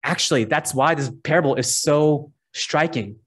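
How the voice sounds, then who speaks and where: A man's voice: on the high side, normal speed, husky. A man preaching a sermon, earnest and conversational, reading scripture verses aloud between his points. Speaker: pastor.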